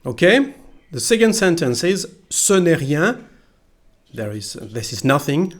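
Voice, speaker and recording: A man's voice: on the high side, big pitch swings, unhurried. A man with a French accent, a native French speaker from France, teaching pronunciation patiently and repeating phrases for learners. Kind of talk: slow pronunciation lesson.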